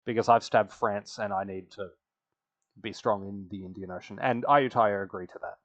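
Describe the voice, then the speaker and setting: A man's voice: fairly low pitch, steady tone, normal speed, lo-fi sound. A man casually recapping an online strategy game, laughing often and acting out the other players' lines. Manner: chatty, laughs often, acts out quoted players. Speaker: podcast host.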